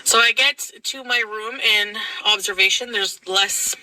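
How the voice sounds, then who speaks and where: A woman's voice: medium pitch, unhurried, sharp tone, recorded from a distance, poor audio. A woman from Canada casually telling a long personal story to her viewers, rambling and chatty with asides.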